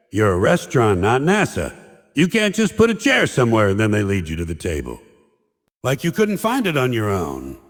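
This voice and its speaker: A man's voice: mid-range voice, in a large hall. A man performing a stand-up comedy monologue, ranting in a sarcastic, exasperated way and mocking others in put-on quotes.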